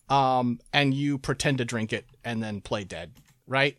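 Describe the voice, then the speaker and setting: A man's voice: mid-range voice, moderate pace, fairly bright tone, no echo. A man in a middle register tells a game plot in a loose, rambling way. He keeps breaking into laughs and quoting characters. The sound is dry and close. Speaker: podcast co-host recapping a game. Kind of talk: casual chat.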